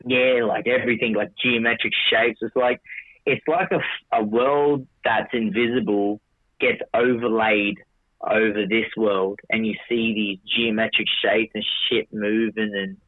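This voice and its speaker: A man's voice: fairly low pitch, fairly even intonation, measured pace, no echo. A man telling a long story casually, with many restarts, swearing, and quoting himself in dialogue. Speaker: podcast guest. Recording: dry tinny phone-like audio.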